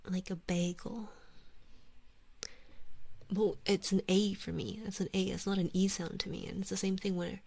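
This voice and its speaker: A woman from Canada with a Canadian accent, softly whispering as she chats with viewers in an ASMR stream. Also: mid-range voice, flat delivery, vocal fry. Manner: soft whispering, chatty and drawn-out words.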